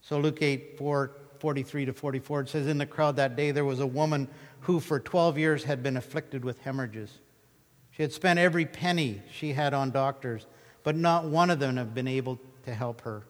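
A man preaching a sermon, telling Bible stories with animated, acted-out retellings of the scenes. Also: medium pitch, normal speed, big-room sound. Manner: animated storytelling, acting out scripture scenes. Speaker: pastor.

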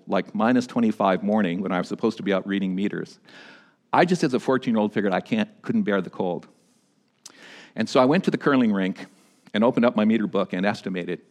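Animated man preaching a sermon. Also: a little fast. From Canada. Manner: animated preaching, rising to emphatic peaks and dropping low for stories. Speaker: pastor.

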